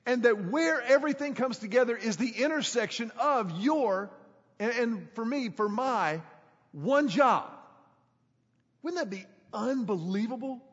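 A middle-aged man, preaching a sermon as a pastor, telling a story emphatically and stretching key words slowly for drama. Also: extremely high pitch, lively intonation, a bit bright, breathy edge. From Houston, Texas. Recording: echoey hall, dull sound.

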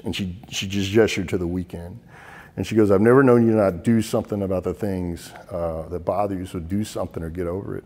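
Earnest low-voiced middle-aged man, halting. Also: warm tone, big-room sound. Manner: earnest, halting with repeated words. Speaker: guest, military veteran. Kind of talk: interview storytelling.

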